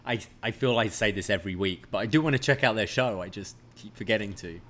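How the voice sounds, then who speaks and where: A man co-hosting a wrestling review podcast, giving his opinions in a measured, casual way. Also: lowish voice, fairly bright tone. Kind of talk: casual recap chat.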